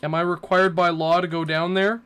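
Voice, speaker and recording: A man's voice: high voice, flat delivery, normal speed, fairly bright tone, clear, resonant tone. Jittery young man rambling through a horror game. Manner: nervous, rambling, swearing, talking to game characters. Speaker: gaming YouTuber.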